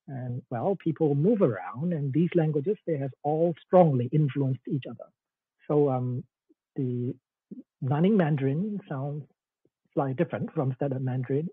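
A man's voice: fairly high pitch, husky, no echo. A man giving an online academic lecture, explaining with frequent "okay"s and fillers over a video call. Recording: tinny, dry phone-like call audio.

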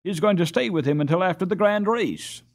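A man's voice: high voice, animated, a little fast, voice pushed up. A man doing a chattering know-it-all boy. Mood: pleased. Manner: pleased, chattering.

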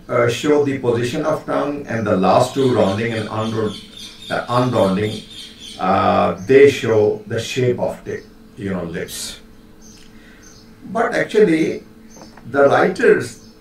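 A man's voice: mid-range voice, far from the mic. A man giving a linguistics lecture, hesitant and full of fillers, stopping to demonstrate how words are pronounced. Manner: slow, hesitant delivery with many fillers, demonstrating pronunciations. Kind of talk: recorded lecture. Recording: very echoey room, voice a bit off-mic, faint hiss.

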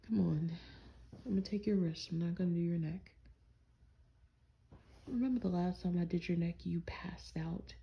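A woman playing a gravelly teasing vampire boyfriend. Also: on the low side, measured pace, long pauses, lo-fi sound. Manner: teasing, playful, drawling slang. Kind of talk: listener role-play audio.

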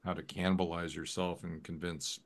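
A man chatting casually on a video call, an animated storyteller whose voice jumps up when he quotes others. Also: low-pitched, fairly quick, crowd noise. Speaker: guest photographer.

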